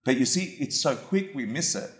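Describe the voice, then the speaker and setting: A man's voice: mid-range voice, expressive, moderate pace, slight background noise. A man giving an informal dharma talk, conversational and self-mocking, often asking his listeners questions. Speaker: dharma teacher. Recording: echoey room.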